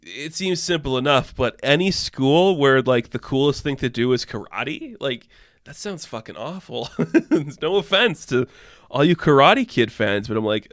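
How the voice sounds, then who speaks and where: A man's voice: medium pitch, sing-song, unhurried, a bit bright, no echo. A young man hosting a podcast, ranting in a casual, profane, exasperated way, recorded on a close mic. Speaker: podcast host.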